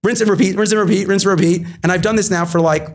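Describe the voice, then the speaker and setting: A man in his thirties talks quickly as an interview guest, his voice sitting high. He tells his story with animation and plays out both sides of old conversations. He repeats key phrases for emphasis. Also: steady tone.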